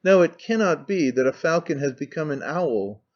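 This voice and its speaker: A man's voice: fairly high pitch, lively intonation, moderate pace, dull audio. A male audiobook reader voicing a troubled, half-mad woman who speaks anxiously and turns scornful. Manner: anxious, brooding, turning scornful.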